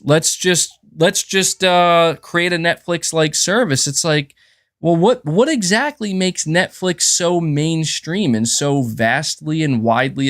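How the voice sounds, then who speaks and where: A man's voice: a little high, dry recording, clean studio sound. A man talking casually on a live stream from home into a desk mic, rambling and emphatic and often restarting his sentences. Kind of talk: casual livestream monologue. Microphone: desk mic with adjustable gain.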